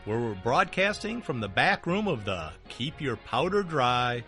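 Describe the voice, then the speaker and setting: A man's voice: medium pitch, big pitch swings, measured pace, bright, forceful tone, faint music behind. A man co-hosting a casual political talk show, joking and teasing his partner, with frequent fillers and restarts. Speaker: podcast co-host. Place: small back-room studio.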